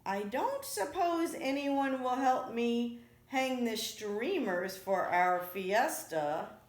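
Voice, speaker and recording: A woman's voice: fairly high pitch, lively intonation, slow, pitched above the performer's own voice. Iguana, a woman doing a bossy, exasperated lady iguana. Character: fussy hard-working female iguana. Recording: echoey room.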